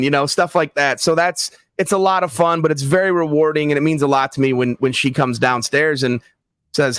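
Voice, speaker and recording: Animated storytelling man, dry sound. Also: mid-range voice, brisk, no echo. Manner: animated storyteller, acts out quoted voices. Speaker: author and book site founder, guest. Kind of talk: casual interview chat.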